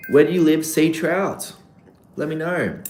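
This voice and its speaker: An upbeat livestream host with an Australian accent, from Australia, chatting casually and greeting viewers by name with playful shout-outs. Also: mid-range voice, measured pace. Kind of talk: casual live-stream chat. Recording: roomy room with music playing. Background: background music.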